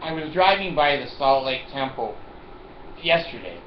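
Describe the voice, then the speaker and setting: An older man talks casually to the camera from his chair at home, rambling from one story to the next and laughing at his own jokes. His voice sits at an ordinary middle pitch. The recording is roomy and somewhat dull, with faint noise behind him. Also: lively intonation, normal speed. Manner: rambling, joking, laughs often. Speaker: vlogger.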